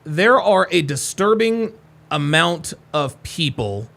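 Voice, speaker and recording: Male reaction host, animated delivery with fry; profane and incredulous. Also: on the high side, slow pace. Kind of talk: live video reaction commentary.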